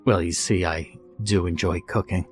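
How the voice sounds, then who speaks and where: A man's voice: low voice, fairly even intonation, normal speed, soft background music, close to an everyday voice. A man voicing a cheerful, overly comfortable male captor who coaxes his prisoner like a proud host cook. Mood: coaxing. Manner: chipper, coaxing, overly comfortable.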